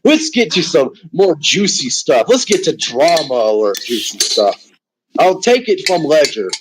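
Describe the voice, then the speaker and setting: A man's voice: on the high side, big pitch swings, measured pace, noisy background. A man hosting a casual online chat, rambling and steering the talk from topic to topic. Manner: rambling, restarts and hedges, leads the talk. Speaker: podcast host.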